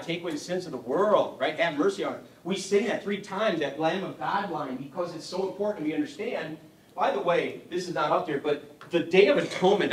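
A middle-aged man with a fairly high voice leads a parish adult education talk in a loose, humorous way. He keeps asking the audience questions. His voice comes from some way off the mic, in an echoey hall. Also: recorded from a distance. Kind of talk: conversational teaching talk.

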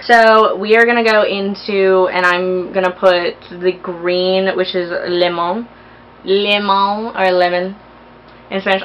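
A woman's voice: fairly low pitch, a bit bright, slight background noise, poor audio. A young woman chatting casually through a makeup tutorial, bubbly and gushing as she works. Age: young adult. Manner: bubbly, gushing, talks while applying makeup. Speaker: beauty vlogger.

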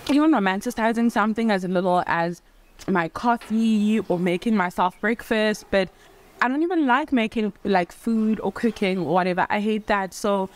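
A young woman talking casually to camera in a vlog, theatrical and animated, talking with her hands and dotting her speech with "like". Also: mid-range voice, normal speed. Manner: chatty, full of "like" fillers. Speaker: vlogger. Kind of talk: casual reflective vlog talk.

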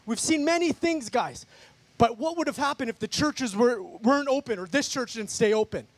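A man's voice: extremely high pitch, expressive, normal speed, dry recording. A man giving a fervent, emphatic preaching testimony to a worship crowd, often calling them "guys". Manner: emphatic, repetitive, keeps addressing the crowd as "guys". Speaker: guest speaker giving testimony. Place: outdoor worship gathering in a park.

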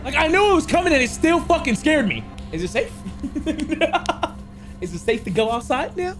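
A young male gaming streamer with a very high voice commentates a horror game at normal speed. Excitable and loud, he swears and yells at the game while its music plays in the background.

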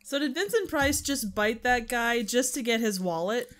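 Woman guest on a movie commentary, teasing and giggly, smooth clear voice. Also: a little high, animated, normal speed, fairly bright tone.

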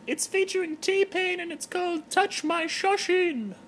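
A man's voice: very high voice, a little slow, a bit bright, a little hiss or hum, voice pushed up, low-quality recording. A man doing Terry, a boozy giraffe diva. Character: boozy middle-aged female giraffe pop star.

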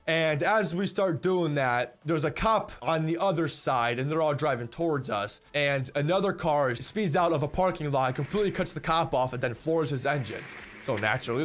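A young man telling a story in a casual, rambling way, often repeating words and swearing bluntly. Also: a little high. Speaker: vlogger.

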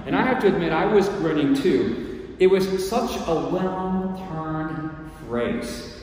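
A man preaching a dramatic first-person sermon, telling the story in character with a theatrical, expressive delivery. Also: fairly high pitch, slight background noise. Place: church sanctuary. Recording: echoey church hall from far off.

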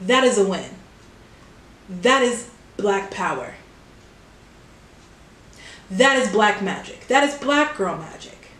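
A woman's voice: medium pitch, expressive, slow, long pauses, a bit bright. A young woman reacting to music in a vlog, exclaiming, swearing and cheering along. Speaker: reaction video creator. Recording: echoey room, faint music behind. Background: music playing from a speaker.

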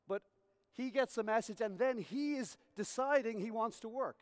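A man's voice: very high-pitched, expressive, moderate pace. A man giving a coaching lecture at a conference, explaining through acted-out examples and often checking in with his audience. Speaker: tennis coach educator. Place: conference hall. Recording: reverberant hall recording.

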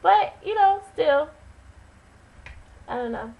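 Lady vlogging, high voice, lively and chatty, just telling a story. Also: slow pace, gravelly, muffled recording. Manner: animated, chatty, dramatic retelling. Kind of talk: casual storytelling to camera.

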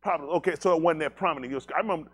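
A man preaching to his congregation in a blunt, animated, conversational way, using slangy speech, asking listeners questions, and often laughing. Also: on the high side, very fast, slightly rough. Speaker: pastor.

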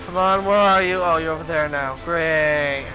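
A man's voice: on the high side, normal speed, bright, forceful tone, faint music behind, low-quality recording. A young man commentating his own gameplay as a let's play host, exasperated and exclaiming at the game.

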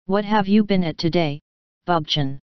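A woman reading the lines of a kindly older German professor, slow and fatherly. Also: lowish voice, smooth, no room sound, lo-fi sound, lightly acted. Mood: gently teasing.

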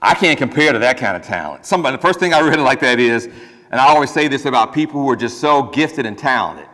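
A male pastor preaches to his congregation in a plain, conversational way and leans hard on his key words. His voice sits at a middle pitch. A long reverb trails each phrase through the church. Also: expressive, quick pace, a bit bright. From Ohio. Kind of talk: sermon. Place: church sanctuary.

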